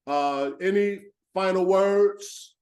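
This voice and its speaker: A man's voice: high-pitched, slow pace, darkish tone. A man with a Chicago accent hosting a podcast, laid-back and slangy, with short reactions. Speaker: podcast host. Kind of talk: casual chat.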